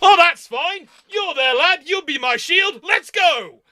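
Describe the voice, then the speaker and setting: A man voicing a brash, reckless medieval nobleman warrior who shouts battle cries. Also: very high voice, animated, normal speed, pitched above the performer's own voice, exaggerated voice. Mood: boisterous.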